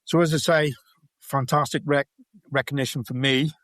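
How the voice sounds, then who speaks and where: A man with a Welsh accent, a podcast guest telling anecdotes in a relaxed, chatty way. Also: medium pitch, moderate pace, no room sound. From Wales. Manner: chatty, anecdotal, laughs while telling stories. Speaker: podcast guest, bowls player. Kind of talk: storytelling in a casual interview.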